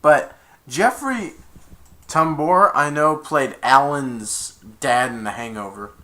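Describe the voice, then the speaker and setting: A man's voice: on the high side, slow, sharp tone. A man giving a casual film review, retelling the plot in a rambling way with many restarts. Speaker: movie reviewer.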